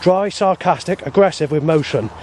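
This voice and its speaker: A man's voice: on the high side, normal speed, a little mellow, slight background noise. A man, rambling in an aggrieved personal monologue, swearing often and restarting his sentences. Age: 40s. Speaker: vlogger.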